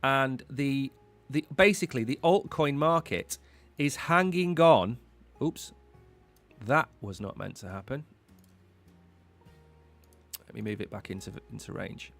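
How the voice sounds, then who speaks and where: A man's voice: medium pitch, a little slow, gravelly, pauses often, a bit bright, no room sound, soft background music. A man hosting a live market commentary stream, talking in a chatty, rambling way and repeating words while he thinks. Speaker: host.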